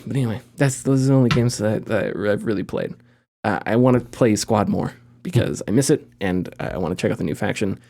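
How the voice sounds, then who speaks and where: A man's voice: on the low side, brisk, creaky. A man co-hosting a gaming podcast in casual chat, laughing often and acting out scenes in funny voices. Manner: animated, laughs often, mimics voices in anecdotes. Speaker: podcast co-host.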